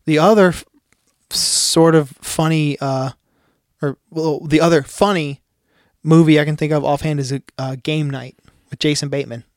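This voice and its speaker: Relaxed male podcast co-host with a slightly high voice, easygoing, swears casually. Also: moderate pace, no room sound, studio quality. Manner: laid-back, profane, laughing often. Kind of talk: casual chat.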